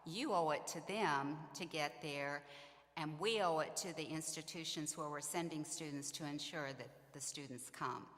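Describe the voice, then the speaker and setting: A woman's voice: on the low side, bright, forceful tone, long reverb tail. A woman addressing parents in an earnest, informational talk about a student program, sometimes acting out what students and parents say. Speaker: program staff speaking to parents.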